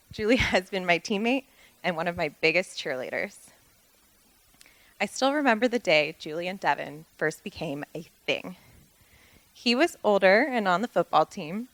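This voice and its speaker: A woman's voice: medium pitch, fairly bright tone, dry recording, rough recording. A woman reading a prepared, fond wedding toast about a long friendship, with light laughs between phrases.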